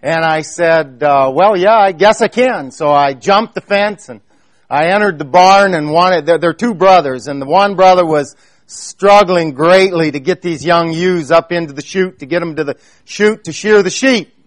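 A man's voice: fairly high pitch, moderate pace, dry recording. An Amish man preaching a sermon, telling a personal story in an earnest way and speaking straight to his congregation.

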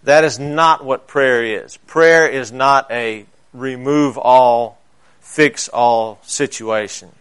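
A male pastor, preaching a sermon. He tells stories and swings between loud emphasis and quiet asides. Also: medium pitch, takes it slowly, clear, resonant tone.

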